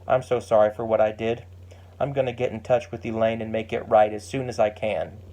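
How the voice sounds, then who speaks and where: A man's voice: on the low side, little pitch movement, fairly quick, dark tone, natural voice. A man voicing a young woman who earnestly apologizes to her best friend in a story. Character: remorseful young woman, warm and eager friend.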